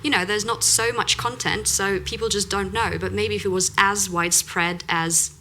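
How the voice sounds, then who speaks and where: A woman from Russia, a native Russian speaker working as an accent coach, chatting as a podcast guest in quick bursts filled with "you know" and "like". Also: mid-range voice, steady tone, sharp tone, a little hiss or hum. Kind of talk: casual interview chat.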